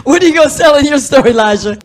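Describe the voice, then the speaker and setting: A woman's voice: sits high, lively intonation, rapid-fire. A woman hosting a radio show with kids, playful and teasing, laughing often.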